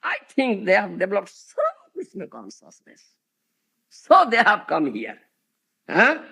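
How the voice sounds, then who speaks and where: A man's voice: high-pitched, huge pitch swings, a little slow, vocal fry, sharp tone, husky. A man giving a devotional lecture as a spiritual teacher, peppering it with rhetorical questions like "huh?" and "isn't it?" to his audience.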